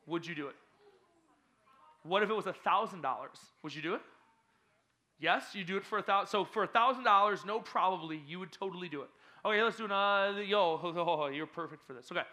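A man speaks as a youth pastor to kids in a church hall, high-pitched and quick-paced. He's energetic and teasing, tossing playful quiz questions at the audience.

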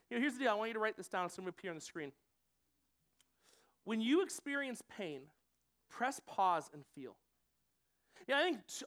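A man giving a conversational sermon to a room, animated and casual, often acting out what people might say. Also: high voice. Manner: conversational, animated, acts out quoted voices. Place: church room with audience.

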